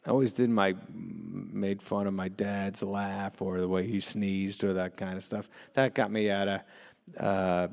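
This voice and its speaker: Middle-aged male guest, low gravelly voice, relaxed and rambling, in a reverberant hall. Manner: laid-back, laughs often, repeats words, slips into quick impressions. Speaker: actor and comedian guest. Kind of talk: casual interview chat.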